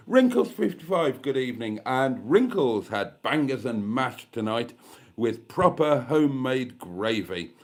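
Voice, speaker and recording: A man livestreaming from a caravan with a gas fire sounds congested from a head cold as he casually reads out viewer comments, adding dry jokes at his own expense. He speaks in a medium pitch, very animated yet unhurried.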